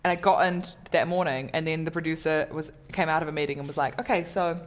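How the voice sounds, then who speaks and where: A woman's voice: sits low, steady tone, fast talker. A woman comedian chatting casually in an interview, talking in a self-deprecating way with many fillers and restarts. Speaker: comedian guest.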